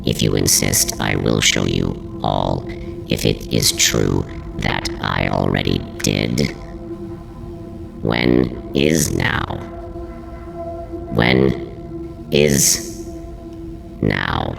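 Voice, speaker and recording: A game master voicing a weak, ancient alien prisoner whose mind whispers to the players, with a deep, gravelly, drawn-out voice. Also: music in the background, exaggerated voice. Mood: eerie.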